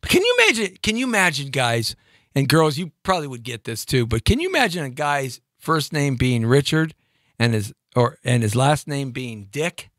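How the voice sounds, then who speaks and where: A man's voice: medium pitch, sing-song, normal speed, fairly bright tone, no echo, clean studio sound. A middle-aged male host rambling and joking on a live show, laughing at his own gags.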